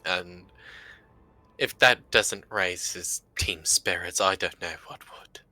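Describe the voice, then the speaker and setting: A male player with a fairly low voice and a very bright, cutting tone, jokey and quick to laugh as he plays his character in a live tabletop game. Faint music runs behind him. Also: dry recording. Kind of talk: live-streamed tabletop role-play.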